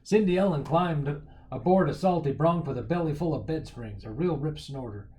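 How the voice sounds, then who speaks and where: A man reading a picture book aloud as a storyteller, with lively, expressive storytelling. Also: on the high side, moderate pace, slight background noise, rough recording.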